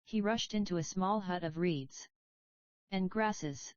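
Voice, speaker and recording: A woman's voice: on the low side, slow pace, darkish tone, no echo, lo-fi sound. Woman reading a children's legend. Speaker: audiobook narrator. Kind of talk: storybook narration.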